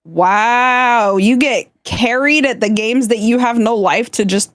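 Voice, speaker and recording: A woman's voice: fairly high pitch, takes it slowly, fairly bright tone, no echo. A woman streamer chatting casually, blunt and laughing often, swearing freely. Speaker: streamer guest.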